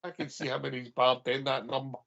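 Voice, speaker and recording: A man with a Scottish accent hosting a casual football phone-in, chatty and quick to laugh. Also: mid-range voice, little pitch movement, creaky, a bit bright, lo-fi sound. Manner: chatty, laughs easily, many fillers. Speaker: radio phone-in host.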